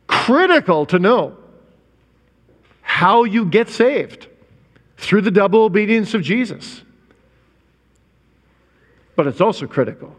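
A male preacher with a high voice delivers an emphatic sermon, leaning hard on key words and stretching them out. He fires off rhetorical questions at the congregation. His voice rings with a long reverb in a big church hall.

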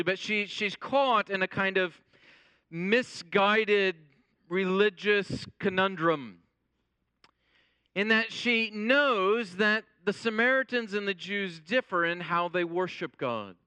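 A man preaching a sermon as pastor, in a measured way and quoting scripture. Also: high voice, pushed and bright, smooth, no echo.

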